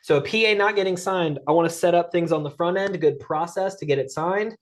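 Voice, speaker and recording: A middle-aged man giving an energetic, conversational webinar talk as a sales coach, often checking in with "right?" and "guys". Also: high-pitched, fast. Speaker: guest speaker and sales coach. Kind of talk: webinar presentation.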